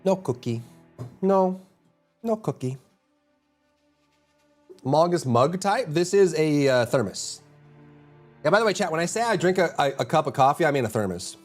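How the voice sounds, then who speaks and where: A man's voice: on the high side, big pitch swings, normal speed, pauses often, faint music behind. A man streaming live, chatting casually with his viewers, rambling and humming or muttering to himself between thoughts. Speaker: full-time streamer.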